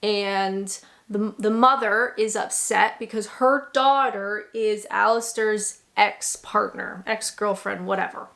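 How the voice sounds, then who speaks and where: A woman's voice: medium pitch, sharp tone. A young Canadian woman recapping a bad movie in casual commentary, with sarcastic asides and laughs. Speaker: movie reaction host.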